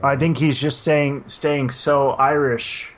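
A man's voice: medium pitch, little pitch movement, slow. A man co-hosting a casual podcast chat, hesitant, with frequent restarts and fillers.

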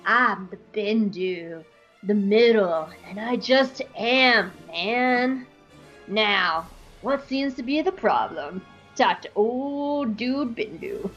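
A mellow, drawling surfer-dude creature, ancient and unbothered, as a woman puts him on. He talks slow and easy, calling everyone buddy and man. The sound is slightly dull and lo-fi. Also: a little high, lively intonation, faint music behind, heavily acted. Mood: laid-back. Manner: drawling slacker dude talk.

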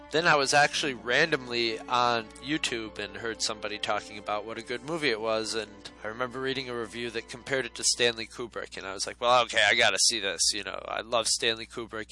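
Guy ranting about movies, snarky and blunt, bright forceful voice, bit of music in the back. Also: mid-range voice, poor audio. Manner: opinionated and sarcastic, with blunt profanity. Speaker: movie reviewer. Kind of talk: casual film review monologue.

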